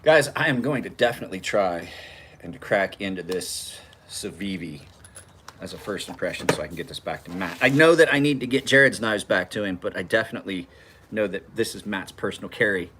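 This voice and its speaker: A man's voice: deep voice, expressive, a little fast, fairly bright tone, a little hiss or hum. A man hosting a knife channel from his garage, chatting loosely with viewers and laughing through profane stories. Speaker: knife sharpening channel host. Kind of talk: rambling live chat with viewers. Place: home garage.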